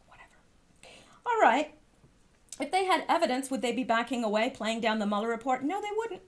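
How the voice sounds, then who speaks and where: A woman commenting on political posts in casual talk, sarcastic and full of rhetorical questions, with many fillers and asides. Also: high-pitched. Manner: sarcastic, talks back to absent figures with rhetorical questions.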